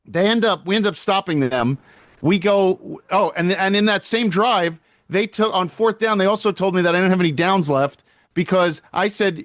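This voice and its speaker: A man co-hosting a podcast in casual chat, telling stories in an animated way and swearing freely. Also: sits high, moderate pace, no echo, studio quality. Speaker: podcast co-host.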